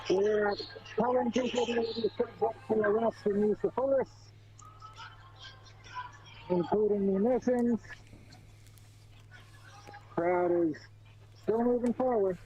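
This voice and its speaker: A man livestreaming from a street protest, reporting what he sees in a halting, observational way. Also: high voice, steady tone, dark tone, dull audio. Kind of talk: on-the-ground live reporting.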